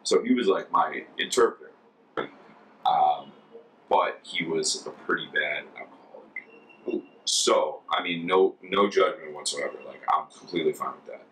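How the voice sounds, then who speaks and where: Deep-voiced American man telling stories. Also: a little slow, slight background noise. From United States. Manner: relaxed, chatty, full of "like". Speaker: former Peace Corps volunteer. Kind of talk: casual interview storytelling. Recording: distant mic with faint ambience.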